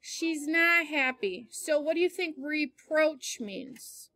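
A woman's voice: high-pitched, lively intonation, slow pace, bright, forceful tone, dry recording. A woman teacher in a classroom, patiently explaining word meanings with everyday examples during a read-aloud lesson.

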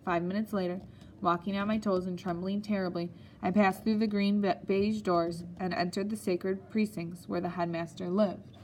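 A woman's voice: medium pitch, steady tone, moderate pace, darkish tone, a little hiss or hum. Woman narrating an audiobook.

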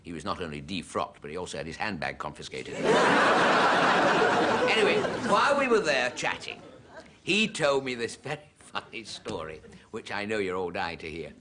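A man tells jokes in a wry, deadpan way, his low voice rising and falling a lot. Loud audience noise sits under the whole recording. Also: fairly quick, over a noisy crowd. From Britain. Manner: jokey, self-mocking, deadpan delivery. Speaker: comedian. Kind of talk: stand-up monologue. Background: studio audience laughter.

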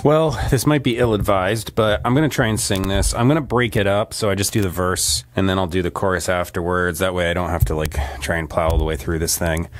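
Very deep-voiced chatty male singer. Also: fairly quick, few pauses, a little hiss or hum. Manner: chatty and rambling, laughs often. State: recovering from a sore throat. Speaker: singer-songwriter. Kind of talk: casual vlog chat. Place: home recording studio. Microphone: studio microphone.

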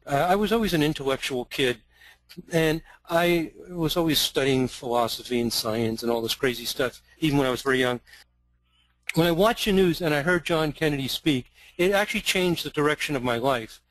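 An older man from Long Island, New York, talks his way through a webinar lecture, earnest and a bit rambling, stopping often on um and uh. His voice sits somewhat high for a man. The sound is dry and close, with no room around it. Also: fairly bright tone, no echo, rough recording. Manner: earnest, digressive, with frequent um and uh fillers. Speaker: astrology lecturer.

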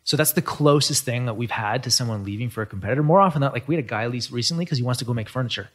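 Dude talking super fast, kinda husky, swears a lot, laid-back podcast chat. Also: male voice, medium pitch. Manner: fast, animated, swears casually. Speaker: podcast guest. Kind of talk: casual chat.

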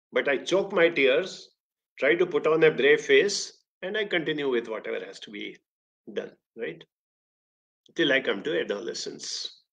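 Indian english guy giving a motivational talk, career counselor, tells stories expressively, voice jumps up then drops back. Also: highs cut off. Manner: expressive storytelling with sudden rises in pitch and volume.

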